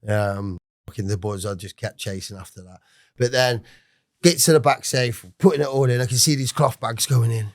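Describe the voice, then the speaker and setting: A man's voice: medium pitch, normal speed, no echo, clean studio sound. A man in his forties with an English accent, a podcast guest telling his life story in a rambling, swearing way with many restarts. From England. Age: 40s. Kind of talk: casual storytelling interview.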